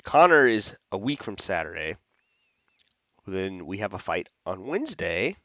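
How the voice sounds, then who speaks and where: A man's voice: low voice, very animated, a little slow, a bit bright, dry recording. A man hosting a fight-picks show, talking casually and rambling, correcting himself as he goes. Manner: chatty, rambling with restarts and self-corrections. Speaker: MMA fight picks host. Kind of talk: casual fight prediction talk.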